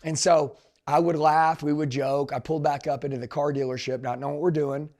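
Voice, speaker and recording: A man in his forties, a sales trainer, telling a story in an emphatic, animated, slangy way and calling his listeners dude. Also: a little high, a little fast. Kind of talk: motivational storytelling.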